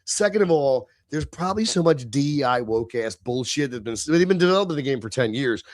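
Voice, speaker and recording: A tipsy man hosting a live stream, ranting and swearing, swinging between low mutters and shouted outbursts. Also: animated, fairly quick, dry recording, clean studio sound. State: tipsy from beer. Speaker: livestream host. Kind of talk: profane live-stream rant.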